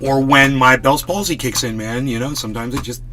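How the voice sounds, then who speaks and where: A man's voice: medium pitch, fairly even intonation, fairly quick, bright, forceful tone. A man hosting a live stream, ranting in a worked-up, swearing, casual way. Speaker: livestream host.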